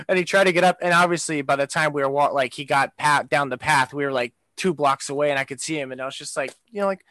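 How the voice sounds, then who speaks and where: Man, casual co-host, fairly high bright voice, dry close sound, rambling profane rants. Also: quick pace, few pauses, no echo. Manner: ranting, swears freely, filler-heavy. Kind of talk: casual chat.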